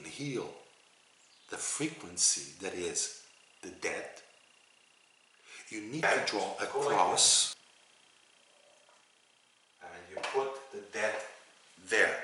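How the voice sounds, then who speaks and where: A man giving a spiritual teaching and guiding listeners through a gentle, earnest, repetitive prayer. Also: lowish voice, echoey room. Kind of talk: slow guided prayer talk.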